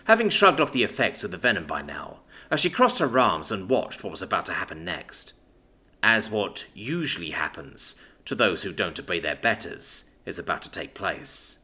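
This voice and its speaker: Lively-voiced male story narrator. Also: low-pitched, normal speed, husky. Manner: expressive dramatic reading. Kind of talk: scripted narration.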